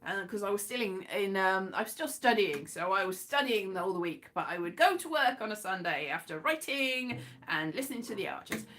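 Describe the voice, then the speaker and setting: Chatty, lively British woman streaming. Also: mid-range voice, fairly quick, few pauses. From Britain. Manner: rambling, self-mocking, bursts into sung phrases. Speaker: comedian streamer. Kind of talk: casual live-stream chat.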